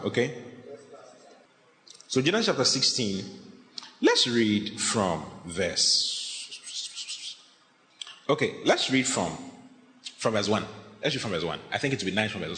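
A man preaching a sermon as pastor, animated and laughing often, acting out the voices of people he quotes. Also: fairly low pitch. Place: church hall. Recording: echoey hall reverb.

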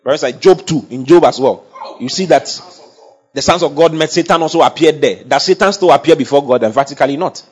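Husky man preaching a sermon. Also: a little high, fairly quick. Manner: emphatic, asks the congregation for assent. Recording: dull lo-fi sound.

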